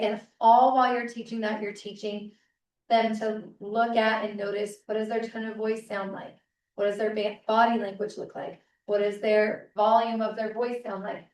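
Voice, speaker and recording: A woman leads a parenting seminar in a relaxed, chatty way, often tagging her points with a quick check-in. Her voice sits in a medium range. It carries through a reverberant room to a mic some distance away. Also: mid-range voice. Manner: casual, checks in with frequent "right?". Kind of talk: conversational teaching talk.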